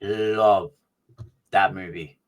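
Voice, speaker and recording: A man's voice: deep voice, fairly even intonation, very slow, dull audio. A man co-hosting a podcast in casual chat, talking loosely with many fillers and asking teasing questions. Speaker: podcast co-host.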